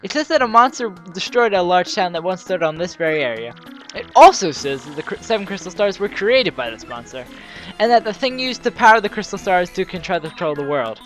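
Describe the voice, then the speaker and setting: A woman voicing an earnest male scholar, reading game dialogue aloud in a steady way. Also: lowish voice, brisk, soft background music. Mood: explaining. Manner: steady read-aloud delivery. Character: earnest male scholar explaining ancient lore.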